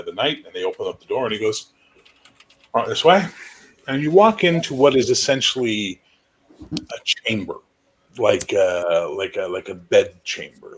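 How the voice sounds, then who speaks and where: A man's voice: deep voice, a little hiss or hum. A man narrating as game master in a tabletop game, rambling casually with many fillers.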